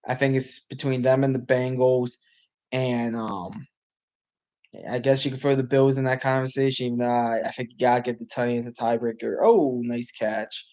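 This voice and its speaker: A man's voice: medium pitch, flat delivery, normal speed, mellow, muffled recording. A man casually talking sports as host, rambling with frequent restarts and filler, his voice getting worn out. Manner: rambling, restarts, many ums, reacts to live game. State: losing his voice. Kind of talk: casual live sports talk.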